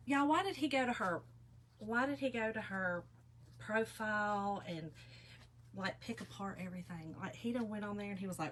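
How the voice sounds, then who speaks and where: Lady rambling at her viewers while she crafts, bright voice, lots of little laughs. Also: mid-range voice, expressive, moderate pace, long pauses, slight background noise. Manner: chatty, rambling, laughs often, talks to viewers directly. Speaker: craft live-stream host. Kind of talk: casual chat while crafting.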